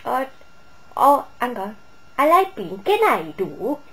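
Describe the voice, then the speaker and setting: A woman's voice: high voice, big pitch swings, slow pace, exaggerated voice. A woman mimicking a lovestruck young woman in an overdone, sing-song Welsh accent. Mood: gushing. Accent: put-on Welsh.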